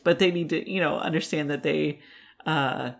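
A woman's voice: low-pitched, steady tone, moderate pace, creaky. A woman in her thirties co-hosting a podcast, chatting and laughing through a family story. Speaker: podcast co-host. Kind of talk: casual storytelling chat.

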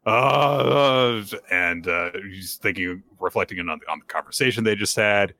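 A man co-hosting a podcast, casually recapping a manga chapter with jokes and quick acted quotes. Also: low voice, sharp tone. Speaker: podcast co-host.

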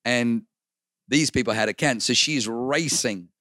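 A man's voice: mid-range voice, a little slow, no echo, studio quality. A man, a pastor giving a sermon, who tells personal stories and repeats phrases for emphasis. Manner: animated storyteller acting out voices, repeats phrases for emphasis.

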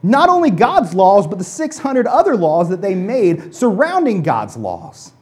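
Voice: mid-range voice, huge pitch swings, a little slow, a little mellow. A pastor preaching a conversational sermon to a congregation, often restarting and repeating words, and acting out people's excuses in mock voices.

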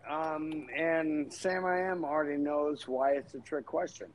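A man's voice: a little high, fairly even intonation, a little slow, slight background noise, poor audio. A man chatting as a podcast guest, making crude jokes and laughing often. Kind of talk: casual chat.

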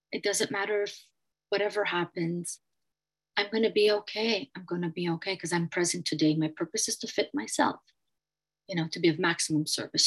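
Husky-voiced woman sharing earnestly. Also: fairly low pitch. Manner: earnest, searching, repeats and restarts phrases. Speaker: recovery meeting speaker. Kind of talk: personal share at a recovery meeting.

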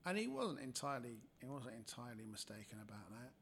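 A man's voice: medium pitch, sing-song, quick pace, slight background noise. A man, a comedian guest, telling stories in casual chat and acting out the people he quotes.

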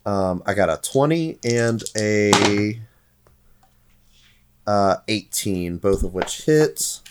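Deep-voiced male player, very slow drawl, faint noise behind. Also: expressive. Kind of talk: casual tabletop play.

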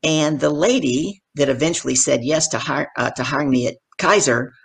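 A middle-aged woman, a professional speaker and guest, telling stories from her career in animated conversation and acting out the people in them. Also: sits low, normal speed, creaky, slightly rough. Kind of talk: conversational storytelling.

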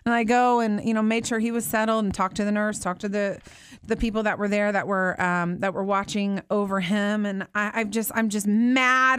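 A woman in her thirties telling a personal faith story, earnest and heartfelt, slowing down to stress her words. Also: a little high, a bit bright, clean tone, dry recording, clean studio sound. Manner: earnest, heartfelt, slows down for emphasis.

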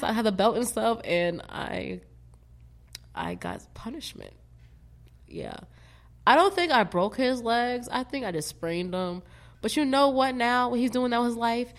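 A young woman raised in the US with a Barbadian family, chatting candidly as a guest, swearing freely and laughing often. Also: a little high. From United States, Caribbean American family from Barbados. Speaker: podcast guest. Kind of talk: casual chat.

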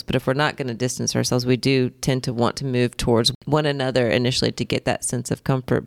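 A woman co-hosts a faith podcast in an earnest, reflective way. Her voice has a gravelly rasp of fry, and the recording is dry and close, with no room sound. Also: very deep voice, no echo. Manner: earnest, reflective, asks probing questions. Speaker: podcast co-host.

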